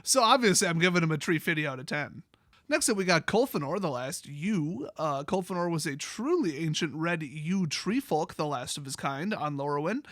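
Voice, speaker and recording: Man, Wisconsin accent, high voice, sarcastic jokey review host, dry close sound. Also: lively intonation, normal speed, a bit bright, dry recording. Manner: sarcastic, joking asides between read-out passages. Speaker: YouTube host. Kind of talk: comedic card lore review.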